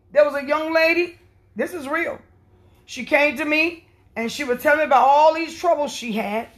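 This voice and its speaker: A woman preaching a sermon, swinging from soft, quiet lines to impassioned shouting. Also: sits high.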